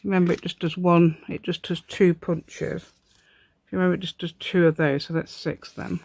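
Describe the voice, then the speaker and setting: A woman runs a relaxed crafting tutorial, chatting and wandering off topic as she works, poking fun at herself and laughing often. Her voice sits on the low side with little pitch movement, vocal fry and a darkish tone, at a normal speed. The recording is dry.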